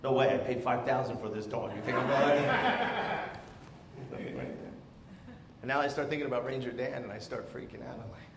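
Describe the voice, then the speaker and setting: Animated stand-up comedian man. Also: mid-range voice, moderate pace, gravelly, pauses often, noisy background. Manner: animated, exasperated storytelling. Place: theatre stage. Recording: roomy theatre echo.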